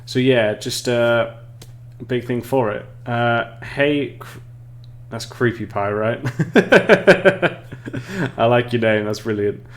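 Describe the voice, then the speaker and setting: A man's voice: medium pitch, level tone, slow. English man, streamer and tutor, rambling friendly delivery, keyboard typing behind. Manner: chatty, reads chat aloud, frequent restarts and laughs. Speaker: streamer teaching level design. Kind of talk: casual live-stream tutorial.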